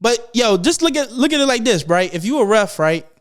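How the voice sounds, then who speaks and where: A young man hosting a podcast, chatting casually and profanely, getting animated and louder as he gets excited. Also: very high voice, fairly quick. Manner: animated, profane storytelling, rising loud when excited. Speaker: podcast host. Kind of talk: casual chat.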